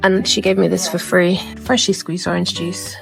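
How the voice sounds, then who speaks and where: A young woman talking casually to her camera as she walks, chatty and candid, with quick asides. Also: on the low side, level tone, creaky, over music, low-quality recording. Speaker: vlogger. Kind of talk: casual travel vlog narration.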